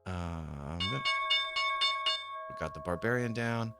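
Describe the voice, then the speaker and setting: A man with a low-pitched, expressive voice chats unhurriedly on a live stream while playing a game and checking options trades. He mutters and swears when annoyed, with faint music playing behind him.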